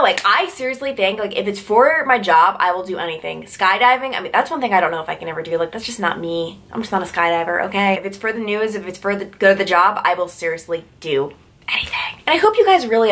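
Fast, bright-voiced young woman vlogging. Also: mid-range voice. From Long Island, New York. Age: 20s. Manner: chatty, self-mocking, lots of "like". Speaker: TV news reporter and vlogger. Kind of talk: casual vlog talk to camera.

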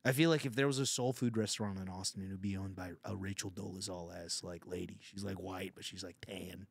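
A man's voice: low voice, fairly even intonation, a little fast, gravelly, husky. A man hosting a podcast, riffing in a crude, rambling, irreverent comedic monologue. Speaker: podcast host.

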